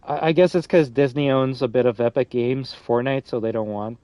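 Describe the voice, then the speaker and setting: A man's voice: mid-range voice, fairly even intonation, a little fast, dark tone, clean tone, no room sound. A man streaming a game, chatting casually with a friend and his viewers, rambling with restarts and casual swearing. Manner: rambling, many restarts and fillers, swears freely. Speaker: streamer hosting a game lobby. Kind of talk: casual live-stream chat.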